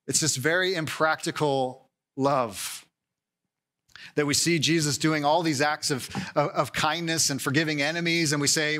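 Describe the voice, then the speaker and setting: A man preaching a conversational sermon, acting out quoted voices with lively shifts in tone. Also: sits high, moderate pace. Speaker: pastor.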